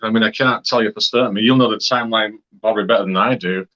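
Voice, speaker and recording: A man's voice: on the low side, fairly even intonation, fast, bright, forceful tone, muffled recording. A man from Wakefield, England, telling a story in a casual, rambling way, with many fillers and hesitations. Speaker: interviewee.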